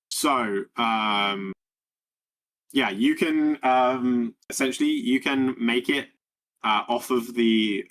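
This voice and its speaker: A man's voice: on the low side, a bit bright. A man narrating a tabletop game as game master, rambling along with many fillers and restarts.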